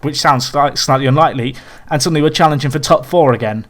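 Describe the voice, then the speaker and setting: A man from England co-hosting a casual football podcast, talking in an animated, ranting, self-deprecating way. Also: a little high, quick pace. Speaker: podcast co-host.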